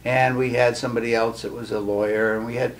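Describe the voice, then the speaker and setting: Halting older man reminiscing. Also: mid-range voice, little pitch movement. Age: 70s. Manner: halting, pauses often with "uh", storytelling. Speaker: guest, guild president. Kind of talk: reminiscing interview talk.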